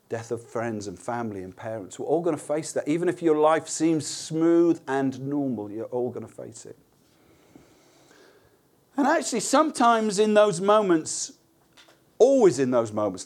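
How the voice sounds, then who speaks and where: A man's voice: medium pitch, darkish tone. A man preaching a sermon in an earnest, conversational way, asking rhetorical questions and restarting words as he goes.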